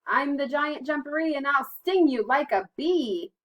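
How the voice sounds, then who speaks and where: A woman puts on a booming storybook creature that hides in a burrow and brags how scary it is. Its threats come loud, high and drawn out, each one a slow rhyme. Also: expressive, far from the mic.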